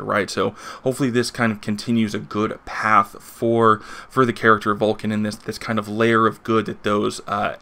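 A man's voice: on the low side, creaky, bright, forceful tone. A man reviewing a comic book in a casual, rambling way, with plenty of fillers and restarts as he reads passages aloud.

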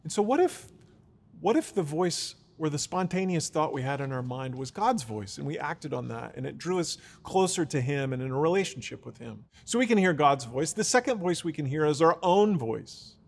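Earnest preaching man, fairly high voice. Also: big pitch swings, normal speed, creaky, in a large hall. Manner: teaching, earnest, with restarts. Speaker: pastor. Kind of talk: sermon.

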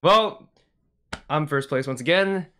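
A man streaming a racing game with a friend, excitable, yelling and swearing at the game and meowing for fun. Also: a little high, slow pace, soft background music. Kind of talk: casual gaming stream chat.

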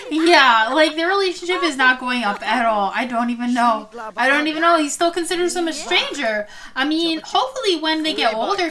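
Young woman narrating her sims game, high voice, gasps and gushes a lot, crowd noise behind. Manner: gushing, gasps often, repeats "oh my gosh". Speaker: gaming video host. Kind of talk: Sims let's play commentary.

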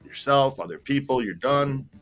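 Faint music plays under a dull-sounding recording as a man, a tour operator, spins a long, loose story at a moderate pace. His voice is bright and forceful, and he's animated and candid, wandering off track, looping back, cursing openly, and growing emotional.

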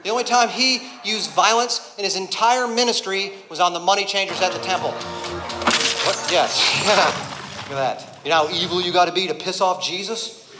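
A man doing a stand-up comedy set, ranting and swearing and building to angry shouts. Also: sits high, normal speed, heavy background noise. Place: comedy club stage before a laughing audience. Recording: roomy live venue sound.

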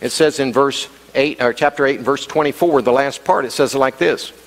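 A man preaching a sermon as pastor, animated and acting out the quoted voices. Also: medium pitch, moderate pace. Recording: long hall reverb.

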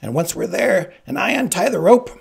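A man voicing the Sicilian, a shrill, bossy schemer who shrieks commands and scorn. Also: very animated, normal speed, gravelly, husky, heavily acted.

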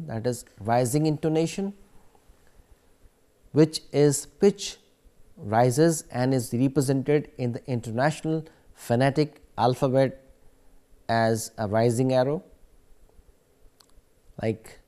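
A man's voice: medium pitch, a little slow, long pauses, warm tone. A man giving a recorded academic lecture, explaining steadily with occasional fillers.

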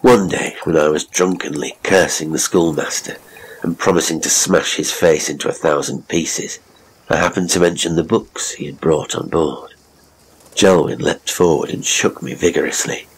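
A man narrates a classic horror story in a measured, dramatic way. His voice sits very low and has a gravelly texture. Faint noise runs underneath. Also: fairly even intonation.

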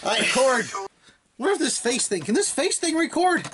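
A man chatting casually while unboxing a gift, rambling and excitable, often laughing. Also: very high voice, normal speed, heavy background noise. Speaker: toy blaster hobbyist unboxing a gift.

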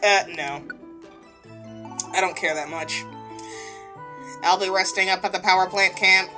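A woman voicing a lazy magnet robot creature in a game, flat and uninterested. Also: fairly low pitch, measured pace, over music, pitched below the performer's own voice, natural voice. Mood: bored.

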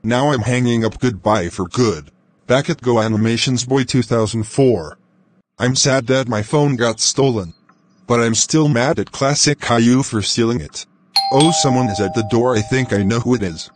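A man's synthetic-sounding voice reading every part of a grounded video in a flat, robotic way. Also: medium pitch, moderate pace. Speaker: narrator voicing all parts. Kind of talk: text-to-speech grounded-video narration.

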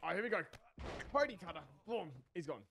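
A man commentating his own wrestling video game match. He is excitable, swears, and shouts at the game. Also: high-pitched, fairly quick, creaky. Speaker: gaming channel host. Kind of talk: live gameplay commentary.

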